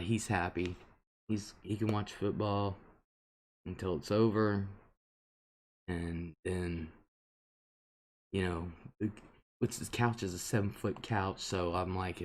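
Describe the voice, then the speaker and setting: A man with a somewhat low, slightly mellow voice hosts a casual live stream. He reads viewer comments and answers them, rambling indignantly with lots of fillers.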